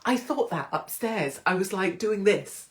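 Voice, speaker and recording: A woman's voice: mid-range voice, expressive, a little slow. Chatty, irreverent British-accented woman hosting a live stream. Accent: British English. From England. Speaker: host of a live-streamed show. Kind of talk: casual live-stream chat. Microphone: phone or computer live stream.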